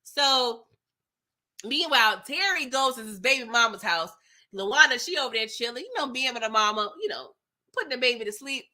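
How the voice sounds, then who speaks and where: A woman hosting a live TV episode recap, talking in an animated, slangy, chatty way. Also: a little high, moderate pace. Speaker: TV recap host.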